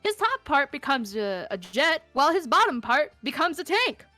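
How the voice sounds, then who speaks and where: A woman's voice: high-pitched, big pitch swings, normal speed, sharp tone, dry recording, soft background music. A woman guest on a streamed talk show, chatty and rambling, swearing casually and laughing a lot. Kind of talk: casual streamed interview chat.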